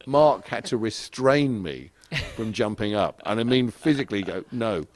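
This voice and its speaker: A man's voice: on the low side, lively intonation, moderate pace. A middle-aged man from England, telling rambling anecdotes with frequent chuckles as a podcast guest in casual chat. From southeast England.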